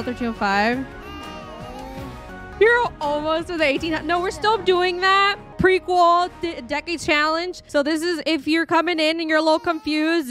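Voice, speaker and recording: A young woman with a slightly high voice chats her way through a live game stream, scattered and full of fillers. Soft music sits faintly behind her. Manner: chatty, scattered, self-talking with frequent fillers. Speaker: streamer playing a life-sim game. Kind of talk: casual live-stream commentary.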